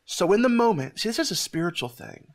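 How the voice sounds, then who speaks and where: A fairly high-voiced man speaks with halting earnestness, stumbling and restarting as he gives a heartfelt testimony. He is close to tears as he talks. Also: huge pitch swings, gravelly. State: near tears. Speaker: host of a ministry show. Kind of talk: emotional testimony to camera.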